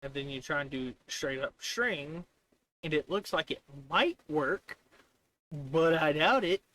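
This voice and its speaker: Slow-talking, bright-voiced exasperated man streamer. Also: on the high side, dry recording. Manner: exasperated, rambling, mocks the software in quoted voices. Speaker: live streamer. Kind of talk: casual live-stream commentary while coding.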